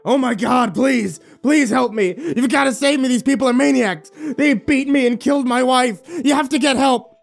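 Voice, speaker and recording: A man voicing a terrified young male captive who shouts, sobs and begs for help. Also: very high-pitched, normal speed, gravelly, faint music behind, voice pushed up. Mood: desperate pleading. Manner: shouting, sobbing, desperate. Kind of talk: storytelling narration.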